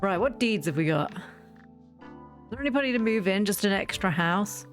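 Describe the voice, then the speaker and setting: A woman with a sore, under-the-weather voice chats easily through a live gaming stream, joking at her own expense and greeting her chat by name. Her pitch sits mid-range for a woman. Soft game music plays faintly underneath. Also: animated, moderate pace. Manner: chatty, self-deprecating, laughs often, greets chat by name. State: sick, coughing and sore-voiced. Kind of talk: casual live-stream chat while playing.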